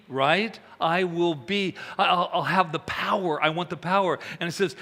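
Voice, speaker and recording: A man's voice: fairly high pitch, normal speed. A man giving a chatty sermon, telling stories and acting out the voices of the people in them. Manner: chatty, animated, acts out quoted voices. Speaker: minister. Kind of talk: conversational sermon with storytelling. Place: church hall. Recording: reverberant hall.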